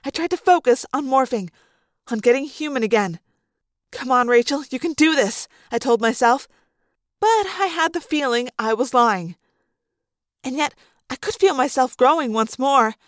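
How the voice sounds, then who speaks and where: A woman reading an audiobook aloud in the first person, with expressive, dramatic narration. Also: sits high, normal speed, no room sound. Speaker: audiobook reader.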